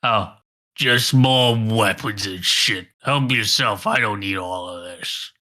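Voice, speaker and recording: A man voicing a crude, dismissive male bugbear grunt in a tabletop game, blunt, rough and swearing. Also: on the low side, slow, sharp tone. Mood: gruff. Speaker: game master.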